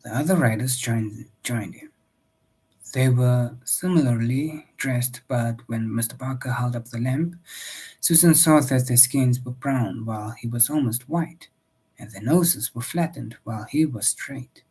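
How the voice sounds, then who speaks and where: A man reading a novel aloud in a steady, measured storybook narration. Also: medium pitch, breathy edge, poor audio. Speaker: audiobook reader.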